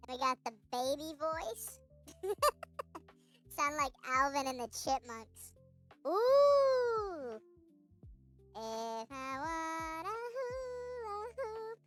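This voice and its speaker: A man speaking through a voice changer that turns his voice into a squeaky chipmunk-like baby voice. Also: lively intonation, extremely slow, pauses often, a bit bright, soft background music, full character voice. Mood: silly. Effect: pitched-up chipmunk voice changer.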